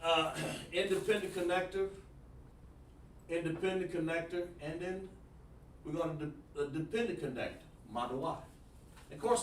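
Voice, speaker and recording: Man, instructor on a live stream, a bit higher pitched, mic set back in a roomy space. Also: fairly bright tone. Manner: repetitive, coaching, asks the chat for feedback. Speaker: language teacher. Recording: echoey room, distant mic, faint noise.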